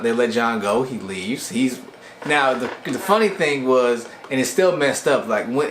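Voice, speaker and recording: A man casually recapping webcomic chapters for his channel, retelling scenes with slangy asides and quick voiced-out lines for the characters. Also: mid-range voice, fairly bright tone, echoey room, a little hiss or hum. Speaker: webcomic reviewer.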